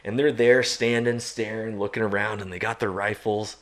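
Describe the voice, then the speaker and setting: A man guest on a podcast, telling a story in a casual, animated way and chuckling at himself. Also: fairly low pitch, normal speed. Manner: animated, self-mocking, chuckles at his own story.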